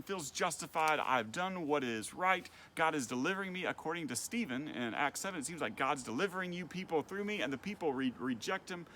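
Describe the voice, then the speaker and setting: A man's voice: on the high side, a little hiss or hum. A man teaching a church Bible study lesson in a conversational way, reading verses and explaining them. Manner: conversational, animated when voicing Moses.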